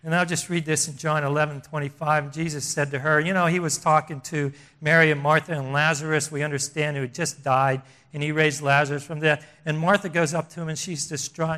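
An older man preaching a sermon, emphatic and repetitive, swinging between loud stresses and hushed lines. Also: fairly high pitch, little pitch movement, a little fast, few pauses.

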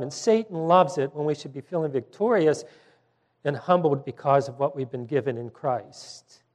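A man delivering a sermon from the pulpit, his voice sitting a little higher than most men's. He teaches earnestly, letting phrases trail off softly and then rising with sudden emphasis. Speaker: pastor.

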